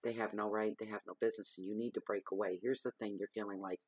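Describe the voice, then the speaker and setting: A man with a fairly low voice delivers a weekly tarot reading as an earnest monologue. He presses his points through repetition and emphatic advice, with a cough. The sound is dry and close, with no room around it. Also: level tone, fast talker, hardly any pauses, slightly rough, no room sound. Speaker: tarot reader.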